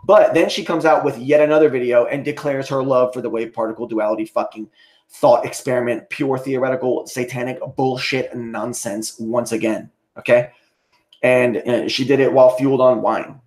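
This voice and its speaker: A man's voice: medium pitch, fairly even intonation, normal speed, a little mellow. A man livestreaming an angry, profane rant, ending most points with "okay?".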